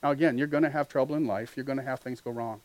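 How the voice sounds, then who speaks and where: A man preaching a sermon as pastor, earnest and building to loud animated peaks. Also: mid-range voice, rapid-fire, dry recording, poor audio.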